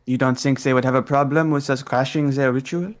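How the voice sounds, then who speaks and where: A man's voice: medium pitch, steady tone, a little fast. A man at a tabletop game table, bantering with dry sarcasm. He has a mid-range voice. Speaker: player.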